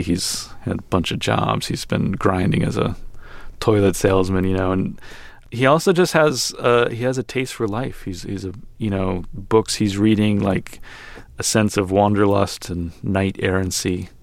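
A man with a low, gravelly voice answers questions about his writing. He speaks haltingly and mocks himself a little. The recording is dry and close. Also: dry recording. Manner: hesitant, halting, self-deprecating, with many fillers. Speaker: author and guest. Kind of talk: interview answers.

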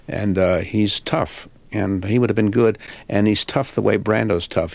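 An older man, a film director, answering interview questions in an unhurried, halting, reflective way. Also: deep voice, gravelly, no echo. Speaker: film and stage director, guest.

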